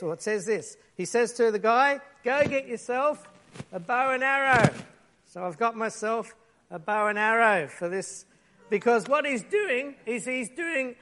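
A man preaching a sermon, telling a Bible story in a lively way, acting out the lines and using props. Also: very high-pitched, slight background noise.

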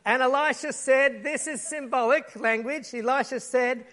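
A high-pitched man preaches with energy at a moderate pace, with hardly any pauses. He brings a Bible story to life by acting out its quotes and using props as he goes.

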